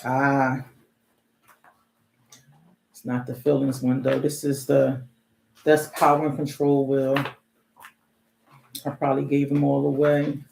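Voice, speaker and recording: A woman's voice: a bass voice, little pitch movement, slow pace, vocal fry, pauses often, darkish tone, slight background noise. Chatty woman therapist in an echoey room. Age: middle-aged. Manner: conversational, repeats words, rhetorical questions. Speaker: host, therapist. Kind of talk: casual talk on parenting and emotions.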